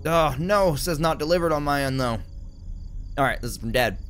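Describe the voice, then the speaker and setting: Brief: young male gamer, slightly high voice, jumpy and chatty, faint game music behind. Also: normal speed. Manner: excitable, startles easily, talks to himself. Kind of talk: let's play commentary.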